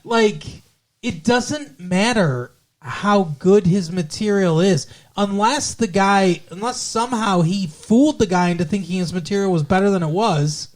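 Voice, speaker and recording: A man co-hosting a podcast, recapping a TV show in casual chat with animated, profane ranting and lots of fillers. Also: sits high, a little slow. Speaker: podcast co-host.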